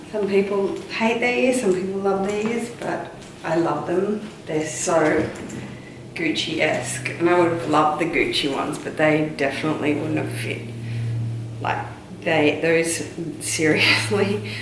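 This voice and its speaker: Australian woman vlogger, slow rambling chat, noisy camera audio. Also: low voice. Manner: chatty, rambling, giggly asides. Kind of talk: casual vlog chat. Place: in a car, then at home.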